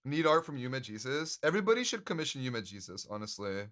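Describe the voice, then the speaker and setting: A man streamer with a mid-range, fairly bright voice chats casually with his live audience, very animated and quick. He jokes, laughs often, and swears freely, picked up by a handcam stream mic.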